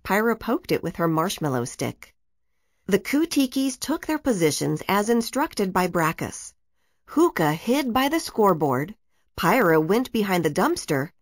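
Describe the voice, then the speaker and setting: A woman reads a children's storybook aloud with an animated, lively pitch. She narrates expressively, and the sound is close and dry. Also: dry recording. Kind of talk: children's book read-aloud.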